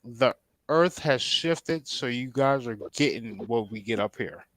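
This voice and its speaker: A man's voice: mid-range voice, expressive, unhurried, a bit bright, dry recording. A man giving laid-back advice in casual podcast banter. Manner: laid-back, lecturing in fun.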